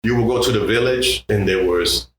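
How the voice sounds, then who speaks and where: A man's voice: lowish voice, fairly quick, very echoey, slight background noise, low-quality recording. Storytelling older man from Puerto Rico. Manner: animated, acts out others' voices in quotes. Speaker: guest bassist. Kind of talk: casual storytelling interview.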